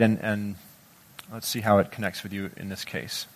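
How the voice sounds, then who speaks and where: A man preaching a sermon, reading scripture slowly and guiding listeners in a conversational way. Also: lowish voice, a little mellow. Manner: slow, measured scripture reading. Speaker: pastor.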